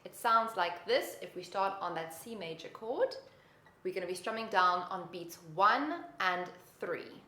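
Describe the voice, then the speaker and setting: A woman's voice: medium pitch, lively intonation, unhurried. A woman teaching a beginner guitar lesson with patient, encouraging instruction. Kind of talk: guitar lesson with counting and singing. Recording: roomy echo, loud guitar behind.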